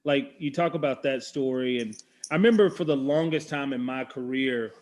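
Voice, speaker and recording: Man, interview host, mid-pitched voice, reflective, thinks aloud, long casual questions. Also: moderate pace.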